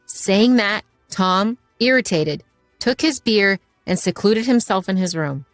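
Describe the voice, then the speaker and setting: A woman reading a scripted first-person story in a steady, measured way. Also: mid-range voice, dry recording, faint music behind. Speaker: narrator.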